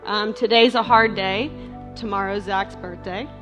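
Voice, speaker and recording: A middle-aged woman giving a heartfelt personal testimony at church, halting, with many fillers and restarts. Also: mid-range voice, steady tone, pushed and bright, soft background music. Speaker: speaker sharing testimony at a church.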